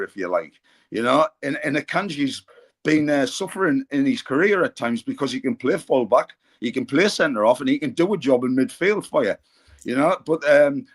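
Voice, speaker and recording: A man's voice: medium pitch, fairly bright tone. Rambling Geordie man telling stories. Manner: rambling anecdotal storyteller, frequent fillers and restarts. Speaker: pundit on a football fan podcast. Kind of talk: casual chat.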